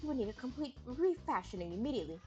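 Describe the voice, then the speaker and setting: A woman's voice: fairly high pitch, very animated, rapid-fire, a little mellow, muffled recording, soft background music. A woman voicing a proud, stern royal cat princess from a game in a haughty, disdainful tone.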